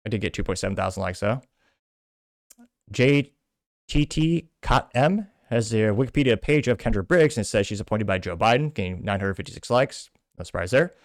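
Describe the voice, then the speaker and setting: A man's voice: on the low side, animated, moderate pace, dry recording, studio quality. A male show host reading social media posts aloud and commenting on them in a wry, mocking tone.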